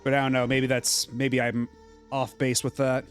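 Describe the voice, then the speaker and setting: A man's voice: medium pitch, completely flat delivery, moderate pace, clear, resonant tone, soft background music. A man streaming a video game, chatting casually in a rambling way with many fillers. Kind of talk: casual gameplay commentary.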